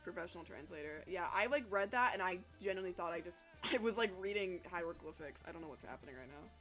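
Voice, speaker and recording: A woman's voice: lowish voice, lively intonation, quick pace, fairly bright tone, faint music behind. A young woman chatting casually with her live chat while she draws, talkative and self-deprecating, swearing freely. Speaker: streamer drawing live.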